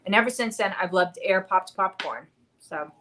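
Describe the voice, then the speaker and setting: Speaking at normal speed with a medium pitch and a slightly bright tone, this woman in her thirties hosts a casual livestream. She's chatty and rambling, heavy on fillers, and there's slight background noise.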